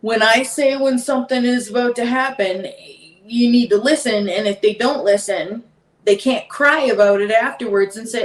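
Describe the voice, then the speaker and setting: Fiery woman guest, repeats herself for emphasis, slightly high, far from the mic in an echoey room. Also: normal speed. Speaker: podcast guest. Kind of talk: casual podcast chat.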